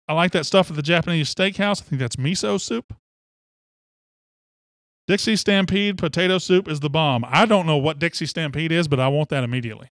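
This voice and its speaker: A man's voice: fairly high pitch, a bit bright, no echo, studio quality. A man hosting sports talk radio, fired up and opinionated, rambling from one take to the next.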